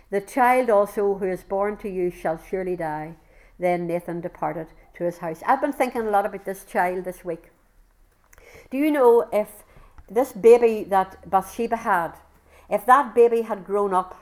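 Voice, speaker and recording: A woman's voice: mid-range voice, darkish tone. An earnest woman preaches with fervour, her voice sitting in an ordinary middle range. She reads scripture aloud between her own words, often repeating phrases as she builds her point. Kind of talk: sermon with scripture reading.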